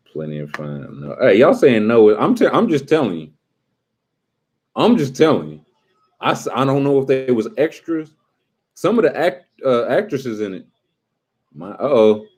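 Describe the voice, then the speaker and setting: A man casually chatting with his livestream viewers, joking around and breaking into quick impressions. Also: on the low side, a little mellow, husky.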